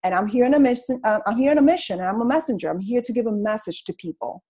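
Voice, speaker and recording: A middle-aged woman telling her story on a video call, in a comical, slangy, animated way. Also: on the high side, fast talker, husky, rough recording. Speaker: guest speaker sharing her story. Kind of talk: casual motivational talk on a video call.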